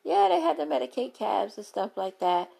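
A woman's voice: a little high, sing-song, normal speed, vocal fry, dark tone, breathy edge. A woman hosting her own show, delivering an impassioned, repetitive rant straight to her viewers in slangy, emphatic speech. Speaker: vlogger and show host.

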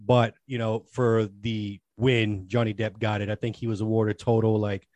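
A man's voice: fairly low pitch, normal speed, no echo. A man in his forties co-hosting a podcast, chatting casually and rambling through stories. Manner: rambling storyteller, chatty and animated. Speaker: podcast co-host. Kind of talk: casual chat.

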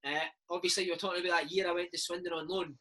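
A Scottish man in his thirties, a former footballer and podcast host, telling stories in a chatty, animated way full of slang. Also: high voice, racing, a little hiss or hum. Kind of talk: casual chat.

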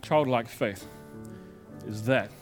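A male pastor preaching a sermon in a conversational storytelling way, moving between loud emphasis and quiet asides. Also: mid-range voice, slow pace, faint music behind.

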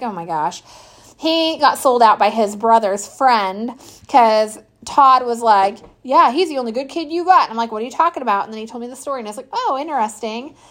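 A middle-aged woman telling brash, profane stories about her kids in casual chat. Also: fairly high pitch. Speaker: podcast host. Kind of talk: casual storytelling.

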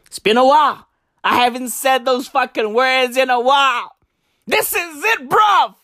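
A woman's voice: high-pitched, a little slow, sharp tone, no room sound, clean studio sound. A woman hosting a podcast, ranting comically with constant swearing and rhetorical questions. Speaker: podcast host. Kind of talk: profane comedic rant.

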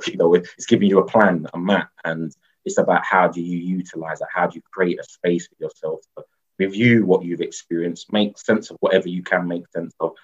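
A man speaks in a very low, husky voice as an interview guest. His talk is loose and rambling, full of fillers and easy laughs. The recording sounds dull and lo-fi. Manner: rambling, many "you know" fillers, laughs often. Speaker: guest, mushroom educator. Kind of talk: casual conversational interview.

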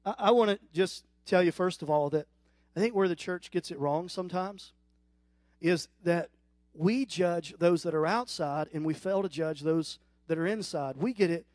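Pastor, male, high voice; emphatic sermon delivery with questions to the crowd. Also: moderate pace, a little mellow, no room sound, clean studio sound. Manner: preaching with rhetorical questions and emphatic rises; teasing the congregation.

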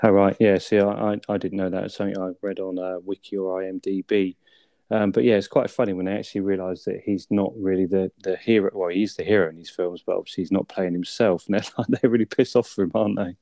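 A man's voice: sits low, fairly even intonation, fast, gravelly, dark tone, no room sound. A man co-hosting a casual film review chat, laid-back and full of tag questions. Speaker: film review podcast co-host.

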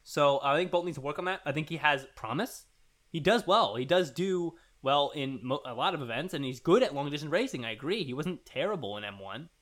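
A man's voice: on the high side, animated, fairly quick, a bit bright. A man co-hosting a casual podcast, rambling through listener emails with fillers and restarts. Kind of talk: casual chat.

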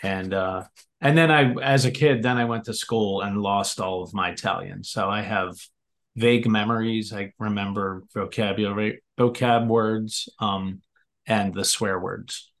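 Man, lowish pitch, relaxed storytelling guest. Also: measured pace. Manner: easygoing storyteller. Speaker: podcast guest. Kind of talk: casual chat.

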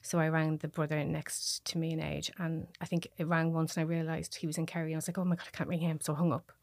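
Irish woman from dublin, low voice, halting emotional storytelling, dry close sound. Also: flat delivery, creaky, a little mellow, no room sound. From Dublin, Ireland. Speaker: podcast guest. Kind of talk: personal storytelling.

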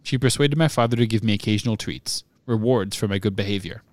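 A man reading aloud, voicing a drugged young man who speaks in a flat, expressionless monotone. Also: on the low side, fast, no echo, lightly acted.

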